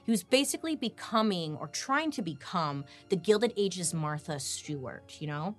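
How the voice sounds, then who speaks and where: Animated sarcastic woman host. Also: lowish voice, normal speed, soft background music. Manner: sarcastic, animated, swears freely. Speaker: podcast host. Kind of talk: casual storytelling chat.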